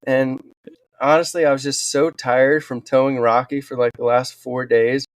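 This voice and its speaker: A man speaking as a podcast guest, telling his stories in an earnest, animated way with frequent "um"s. His voice sits at an ordinary middle pitch. The recording is dry and close, with little room sound. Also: moderate pace, dry recording. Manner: earnest, animated storytelling with fillers. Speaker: podcast guest, wildland firefighter and author. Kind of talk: storytelling in a casual interview.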